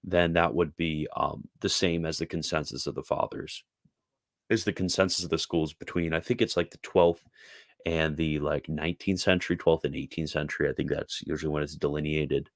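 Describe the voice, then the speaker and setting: A man with a bass voice and flat delivery, recorded without echo, reads a theology passage in a measured manner. He then takes viewer questions in a loose, casual conversation full of fillers.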